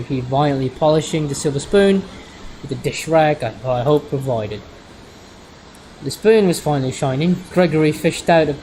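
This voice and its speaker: A man's voice: fairly high pitch, a little mellow, slight background noise, poor audio. A man streaming as he reads a visual novel aloud, often stumbling and correcting his words.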